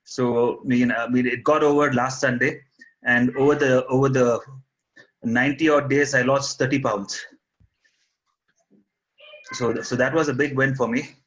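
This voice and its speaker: Hesitant Indian man with a bright voice. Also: medium pitch, fairly even intonation, moderate pace, pauses often. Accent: Indian English. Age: 40s. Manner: hesitant, lots of fillers and restarts. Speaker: caller. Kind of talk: casual question on a video call. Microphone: video call. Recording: dull lo-fi call audio.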